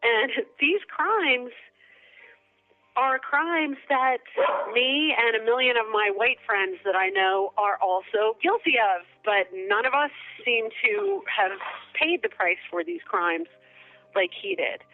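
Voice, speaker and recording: A woman giving a reflective, halting personal testimony, breaking into soft laughs between thoughts. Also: a little high, expressive, soft background music. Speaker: interviewee. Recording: tinny phone line.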